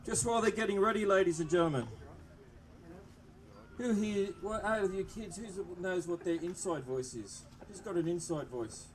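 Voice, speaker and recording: A man with an Australian accent presenting a police demonstration to a crowd outdoors, joking and chatting with the children over a loudspeaker microphone. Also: high voice, moderate pace. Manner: jokey, upbeat, chatting with the kids in the crowd. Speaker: police presenter at a public open day. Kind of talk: public address to a live crowd. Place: outdoor public event. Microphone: microphone through loudspeakers.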